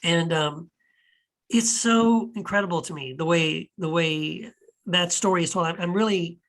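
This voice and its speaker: This man's voice is a little high, slightly slow and fairly bright. As a podcast host and author, he eagerly discusses films without a script, rambling, starting sentences over and animatedly voicing confused rhetorical questions.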